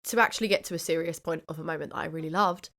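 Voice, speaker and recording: A young woman from the UK co-hosting a film podcast in casual chat, playful and quick to laugh. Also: low voice, fairly bright tone. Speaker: podcast co-host.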